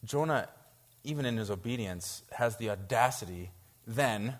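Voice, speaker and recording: Preacher, man, lively and incredulous, delivering a sermon in a church with long hall reverb. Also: mid-range voice, normal speed. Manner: animated, reads scripture aloud and reacts with incredulity.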